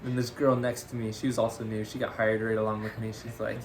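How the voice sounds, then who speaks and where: This podcast co-host is a young man with a lowish voice who talks fast, with a little hiss or hum in the recording. Animated and casual, he laughs frequently while telling a story and keeps using the word "freaking."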